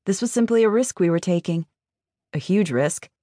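Low-voiced woman narrating a novel. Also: animated, normal speed, mellow, dry recording, studio quality. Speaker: audiobook narrator. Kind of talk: first-person scripted narration.

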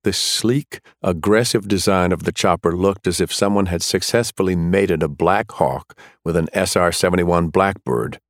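A man narrating a thriller audiobook in a measured, steady way. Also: sits low, dry recording, clean studio sound.

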